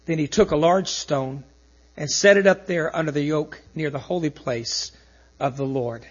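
Preacher guy, high voice, kinda husky, gets loud then goes quiet, muffled recording w hum. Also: moderate pace. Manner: emphatic, swings from loud declarations to quiet asides. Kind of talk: sermon. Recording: dull, lo-fi recording with mains hum.

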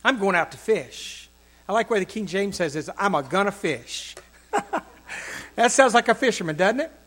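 A man preaching a sermon, acting out the voices in the stories he tells and swinging from loud to soft. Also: sits high, expressive, a little fast. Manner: dramatic, acts out quoted voices with big swings in loudness.

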